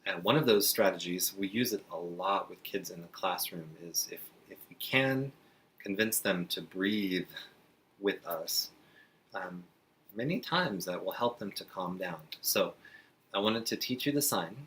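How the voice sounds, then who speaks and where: A man teaching beginner sign language to parents in a friendly, chatty way, slowing down while he demonstrates signs. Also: low-pitched, slight background noise. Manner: relaxed, chatty, with frequent fillers and slow demonstrating passages. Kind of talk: friendly instructional talk to parents.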